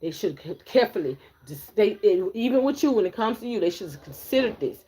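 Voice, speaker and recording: A woman's voice: medium pitch, very animated, brisk, dark tone. A woman giving a blunt, repetitive live tarot reading, talking straight to her viewers. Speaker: tarot reader.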